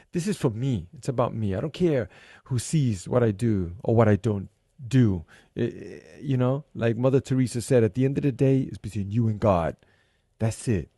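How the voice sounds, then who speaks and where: Animated storytelling man, mellow voice. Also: medium pitch, no room sound, studio quality. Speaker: podcast guest. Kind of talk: casual conversation.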